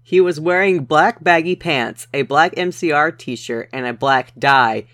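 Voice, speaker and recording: A young man reads aloud at a slow, deliberate pace, hamming up every line in mock drama. His voice is bright and a bit high for a man, and it is recorded close and dry. The feel is comedic reading on a podcast. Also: no echo. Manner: mock-dramatic, reading with theatrical overacting and laughing. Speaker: podcast host reading fan fiction aloud.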